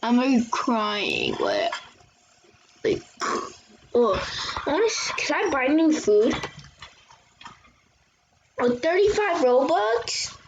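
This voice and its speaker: A woman's voice: high-pitched, big pitch swings, takes it slowly, long pauses. A woman chatting casually and exclaiming as she hosts gameplay commentary for her channel. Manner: chatty, exclaiming and reacting to the game. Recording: muffled lo-fi recording with faint hiss.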